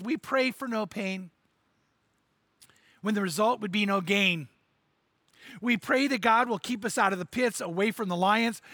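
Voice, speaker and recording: A middle-aged man preaching a sermon, an animated storyteller who acts out the voices in his anecdotes. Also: high voice, dry recording. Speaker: pastor. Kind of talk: sermon with acted-out stories.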